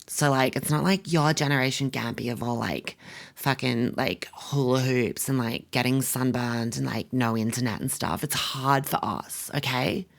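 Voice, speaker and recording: A man's voice: medium pitch, steady tone, moderate pace, gravelly, lightly acted. A man playing a spoiled, bratty young Australian woman about to turn 21, talking in a vlog-style comedy monologue full of "like" and crude swearing. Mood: wheedling. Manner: valley-girl drawl, filler likes, crude swearing.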